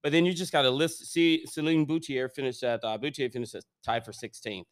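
A man's voice: medium pitch, steady tone, a little fast, no room sound, clean studio sound. Podcast co-host, male, mid-range voice, talks in eager bursts. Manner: enthusiastic, rambling, trails off mid-thought. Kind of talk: casual golf chat.

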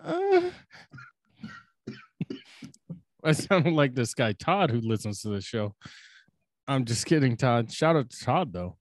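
A man's voice: mid-range voice, huge pitch swings, slow pace, long pauses, no echo, studio quality. A young man co-hosting a casual podcast, rambling and crude, mocking himself and laughing often. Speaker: podcast co-host.

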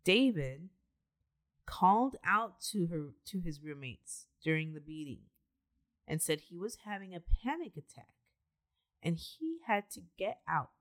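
A woman's voice: on the low side, sing-song, measured pace. A woman co-hosting a podcast, recounting a true-crime case in a matter-of-fact way with casual asides. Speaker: podcast co-host telling the case.

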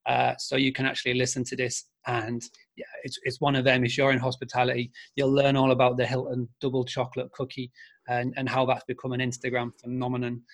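Guy chatting off the cuff, lots of uhs, pretty monotone, mid pitch. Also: brisk, gravelly. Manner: hesitant, many filler sounds. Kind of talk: casual chat.

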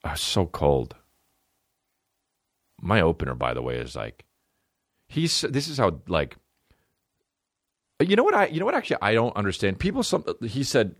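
A man's voice: sits low, big pitch swings, normal speed, long pauses, dry recording, studio quality. A male comedian hosting a podcast, chatting casually in a rambling, sarcastic and profane way.

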